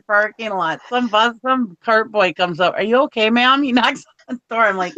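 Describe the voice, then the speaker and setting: A woman's voice: medium pitch, normal speed, pushed and bright, slight background noise. Chatty woman on a dull, lo-fi mic. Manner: rambling anecdotes full of fillers like "like". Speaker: show co-host. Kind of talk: casual chat. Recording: dull, lo-fi sound.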